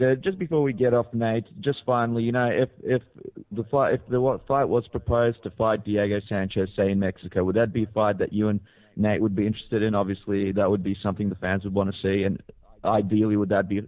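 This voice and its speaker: A fast-talking male radio host with a lowish voice, heard through a thin, phone-like line. He affirms his guest and strings his questions together loosely. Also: steady tone, no room sound. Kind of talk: radio interview. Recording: tinny phone-like sound.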